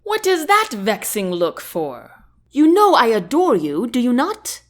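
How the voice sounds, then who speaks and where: A woman's voice: fairly high pitch, wildly swooping pitch, measured pace. Dolion, a woman reading a pompous chancellor. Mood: haughty. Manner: haughty, dismissive and exclaiming. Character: pompous scheming male chancellor, smug and condescending.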